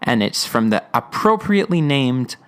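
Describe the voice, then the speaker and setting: A man's voice: medium pitch, big pitch swings, normal speed, a bit bright, clear, resonant tone. A man hosting a podcast, casually talking through an episode with lots of fillers and laughs. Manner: rambling, laughing, many fillers. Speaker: podcast host reviewing episodes.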